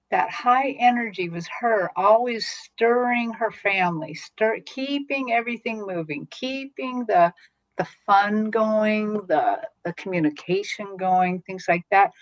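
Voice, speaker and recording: A woman co-reading in a live psychic session, animated and laughing often as she describes what she senses. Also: mid-range voice, highs cut off. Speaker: psychic medium co-reader.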